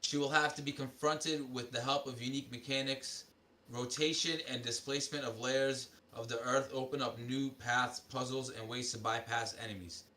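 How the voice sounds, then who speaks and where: A man's voice: mid-range voice, fairly even intonation, moderate pace, pushed and bright, slight background noise. A man co-hosting a casual gaming podcast, reading game news aloud and adding offhand comments. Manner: reads listings aloud with asides. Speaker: podcast co-host.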